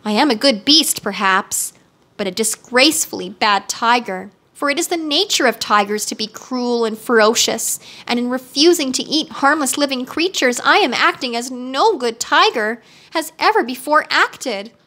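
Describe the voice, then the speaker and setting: A woman voicing a huge, gentle male tiger who is always hungry, speaking slowly in a storybook reading. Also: high-pitched, expressive, full character voice. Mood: mournful. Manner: slow and drawn out.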